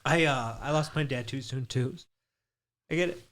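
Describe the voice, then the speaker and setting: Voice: medium pitch, moderate pace, fairly bright tone. A podcast host speaking in a sympathetic, reassuring way.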